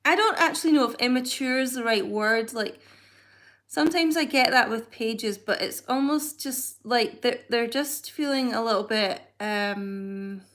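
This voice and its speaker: A woman's voice: on the high side, measured pace, fairly bright tone. A woman hosting a casual live-stream tarot reading, rambling and searching for her words as she goes. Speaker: tarot reader.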